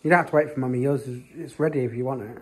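A family vlogger chats to camera in his home kitchen, joking and rambling while holding his phone. His mid-range voice is very fast, with a darkish, slightly rough tone.

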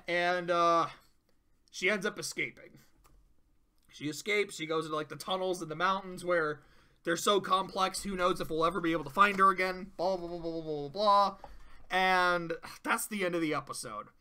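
A cartoon reviewer in casual commentary, rambling and swearing freely while retelling an episode. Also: mid-range voice. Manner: profane, rambling, animated.

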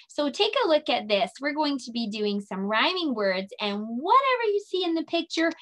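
A woman leading a children's circle time lesson, speaking in a slow, sing-song, encouraging way and stretching her words out. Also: a little high, a bit bright. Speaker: preschool teacher.

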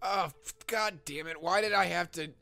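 A man's voice: high voice, moderate pace, vocal fry, noisy background. Man voicing a bitter swearing pony student. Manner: bitter, complaining, swears a lot. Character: grumpy foul-mouthed young male pony student. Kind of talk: improvised comic fan dub.

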